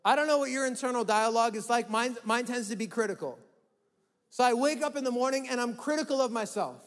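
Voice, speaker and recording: A man's voice: very high voice, fast talker, a bit bright. A male pastor giving a conversational sermon in a church, acting out quoted inner voices and often repeating words. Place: church hall. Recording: long hall reverb with faint music.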